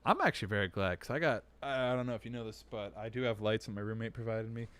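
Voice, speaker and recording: A young man hosting a homemade radio-style show, ranting loudly and mocking the voices of a company, then settling into a laid-back ramble. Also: on the low side, fast, clear, resonant tone. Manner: loud exasperated rant with mocking quoted voices. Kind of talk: casual ranting monologue.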